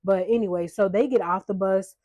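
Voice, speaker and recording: A woman's voice: mid-range voice, steady tone, a little fast, darkish tone, no room sound. Blunt, sarcastic woman recapping a show. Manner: chatty, blunt and sarcastic, with frequent swearing. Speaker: recap vlogger. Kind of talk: casual reality-show recap.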